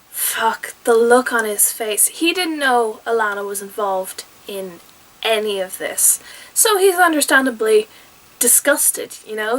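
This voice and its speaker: A young woman with a higher-pitched voice talks through a TV episode review in a casual, chatty vlog. She is animated and exclaims often, jumping between excited outbursts and quick asides. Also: low-quality recording.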